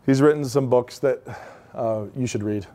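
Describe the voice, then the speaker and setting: A mellow, mid-range voice at normal speed belongs to a thirtysomething man speaking at a live event. He tells stories to the audience informally and conversationally, with lots of asides.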